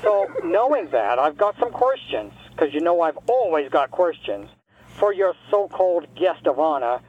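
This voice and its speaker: Guy doing a grumpy old jersey retiree calling in, high-pitched sarcastic rant. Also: sing-song, moderate pace, dry recording, phone-quality sound. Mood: grumbling. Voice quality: complaining, sarcastic, insulting. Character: grumpy retired older man from New Jersey, cranky caller. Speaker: caller. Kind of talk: comedic call-in rant.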